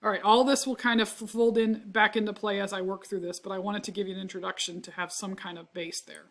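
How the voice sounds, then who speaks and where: Her mid-range voice moves little in pitch and runs a little fast. Congested and clearing her throat often, she lectures on chemistry in a recording, explaining stepwise, asking "right?" and correcting her slips.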